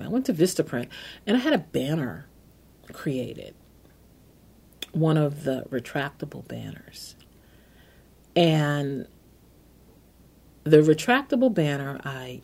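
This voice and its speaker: Woman podcast host giving self-help tips, low husky voice, walks you through steps. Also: mellow. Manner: coaching, step-by-step, repeats key phrases. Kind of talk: motivational self-help talk.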